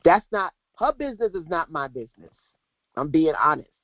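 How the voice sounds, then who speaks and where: A woman's voice: sits low, a little fast, dry recording, lo-fi sound. Fiery woman coach preaching to her chat. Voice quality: animated, preachy, talks straight to the chat. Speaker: business coach. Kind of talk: livestream coaching talk.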